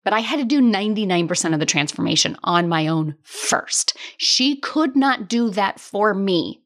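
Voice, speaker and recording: A woman talks alone into the mic for her coaching podcast, earnest and openly emotional. Her voice sounds strained and worn, and her pitch sits in the middle of the usual range. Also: animated, moderate pace, a bit bright. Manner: earnest, emotional, talks through tears at times. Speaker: podcast host and business coach. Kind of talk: solo podcast monologue.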